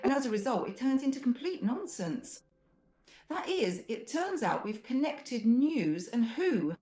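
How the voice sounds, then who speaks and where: A patient Russian piano teacher explains technique in an unhurried, mellow, sing-song voice pitched a little high. She illustrates her points by singing phrases along, while a piano plays faintly in the background.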